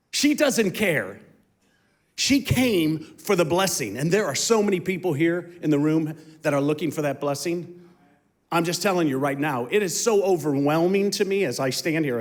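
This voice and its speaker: A middle-aged man giving a heartfelt testimony that swells into impassioned emphasis. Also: on the high side. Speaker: guest speaker giving testimony. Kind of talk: emotional testimony.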